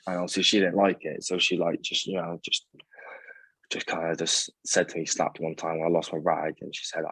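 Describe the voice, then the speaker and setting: A young man, his voice very low and husky, telling his own story in a halting way, full of fillers and restarts. The sound is dry and close, with no room around it. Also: flat delivery, sharp tone, no echo. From England. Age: young adult. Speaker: guest. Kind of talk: candid personal storytelling.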